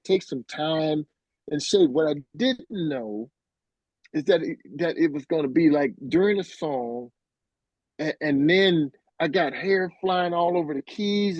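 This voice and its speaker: A middle-aged man tells a story casually as an interview guest, acting out the voices of the people in it. His voice sits a little high for a man and comes through dry and somewhat muffled. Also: no room sound. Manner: animated, acts out quoted voices.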